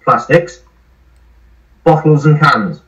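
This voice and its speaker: Animated, swearing man telling a story. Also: fairly high pitch, takes it slowly, distant mic, highs cut off. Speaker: airsoft site owner, guest. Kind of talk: casual podcast storytelling.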